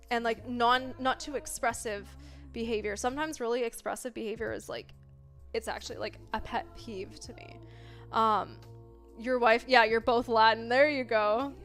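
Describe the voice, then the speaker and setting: A young woman chatting casually on a live stream, expressive and full of filler words, jumping between loud bursts and mellow talk. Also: a little high. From Italian family background.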